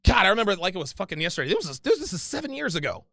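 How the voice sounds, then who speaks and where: Man, 30s, high, lively delivery, profane rambling storyteller, gravelly edge. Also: very fast, dry recording, clean studio sound. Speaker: podcast guest. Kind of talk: casual storytelling.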